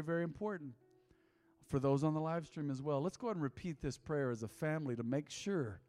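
A middle-aged man preaching as a pastor, telling a confessional story with jokes, then leading an altar call, his voice swinging from loud to hushed. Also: a little high. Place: church sanctuary. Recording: long hall reverb.

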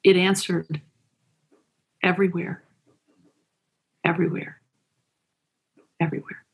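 Woman, slow poetry reading, gravelly, husky, measured pauses. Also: fairly low pitch, little pitch movement. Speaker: guest reading a poem.

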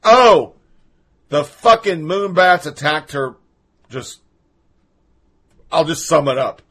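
A man's voice: fairly high pitch, takes it slowly, pauses often, a bit bright, slightly rough. A man hosting a podcast, ranting through political commentary in a sarcastic, profane and mocking way. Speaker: podcast host.

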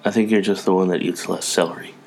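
A man's voice: low-pitched, steady tone, fast talker, a little mellow, slight background noise. A man co-hosting a casual podcast, making dry, sarcastic wisecracks. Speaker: podcast co-host. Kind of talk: casual chat.

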